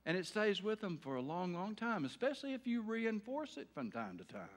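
A middle-aged male pastor preaching an evening sermon in a folksy way, swinging between loud emphatic bursts and quiet earnest talk. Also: high voice, sing-song, a little fast.

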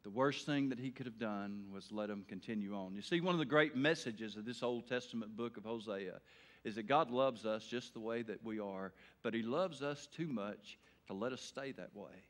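This folksy evening sermon comes from a middle-aged man whose lowish voice keeps a moderate pace. He shifts from loud, emphatic bursts to quiet, sincere talk.

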